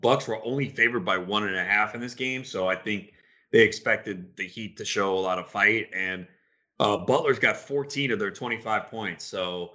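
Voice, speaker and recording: Low, bright-voiced man talking basketball. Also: normal speed. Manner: opinionated, rambling, animated when riled up. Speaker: sports betting podcast host. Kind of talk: casual podcast talk.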